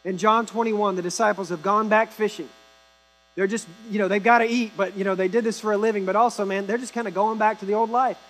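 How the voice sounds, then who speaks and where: A man, a pastor, preaching a sermon in a conversational way with wry asides, sometimes dropping to a hushed voice. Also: sits high, fairly even intonation, quick pace, poor audio.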